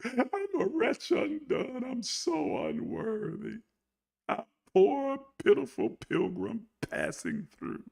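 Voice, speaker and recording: A man's voice: very high-pitched, huge pitch swings, slow, gravelly, a little mellow, husky, heavily acted. A man voicing a groveling, self-pitying churchgoer who begs and wails for blessings. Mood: mock self-pity. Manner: whining, wailing pleas.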